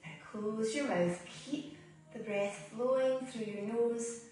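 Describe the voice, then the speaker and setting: A woman leads a yoga practice in a slow, soothing voice, leaving long pauses between cues. Her tone is mellow and a little high. She sits some way from the mic in a very echoey room, with faint ambient sound behind her. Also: soft background music. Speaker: yoga teacher. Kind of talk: guided yoga and breathing instruction. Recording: roomy echo, voice from a distance.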